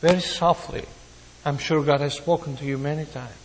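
A man preaching a sermon, earnest, with pauses and restarts, his voice rising and dropping. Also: a little high, fairly even intonation, long reverb tail, slight background noise, low-quality recording.

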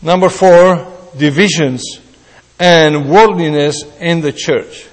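A man's voice: fairly high pitch, slow pace. A male pastor preaching a sermon in a conversational way, acting out the voices of imagined listeners. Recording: long hall reverb.

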